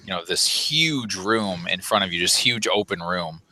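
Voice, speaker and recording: A man running a tabletop role-playing game, describing scenes in a relaxed way with frequent fillers. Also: low voice, moderate pace, a little hiss or hum. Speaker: game master.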